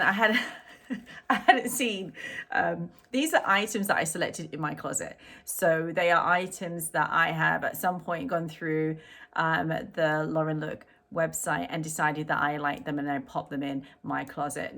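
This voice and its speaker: Low-voiced woman chatting through an unboxing. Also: steady tone, measured pace, vocal fry, a bit bright. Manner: chatty and rambling, with frequent "um"s. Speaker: fashion vlogger. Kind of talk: casual unboxing chat to camera.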